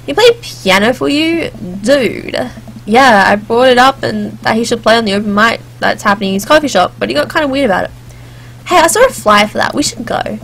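A woman's voice: fairly high pitch, expressive, brisk, fairly bright tone, a little hiss or hum. A woman playing a story game, reading its text aloud and breaking off for chatty, joking asides. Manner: chatty, jokey asides, sings snatches. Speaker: let's play gamer.

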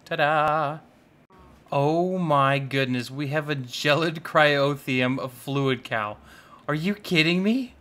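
A young man's fairly high, fairly bright voice comes through slowly as he plays. He's a gaming YouTuber giving loose, playful Let's Play commentary, scolding the animals in the game and muttering to himself.

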